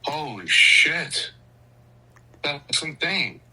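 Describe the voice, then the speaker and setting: A man's voice: fairly high pitch, lively intonation, very slow, sharp tone, breathy edge. A man on a phone call giving brief, stunned reactions to a story.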